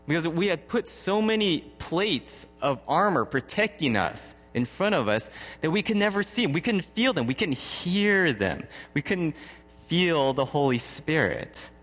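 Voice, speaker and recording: A man's voice: a little high, sing-song, measured pace, fairly bright tone. A man in his thirties preaching a sermon, telling a personal story in a conversational way and chuckling often. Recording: long hall reverb.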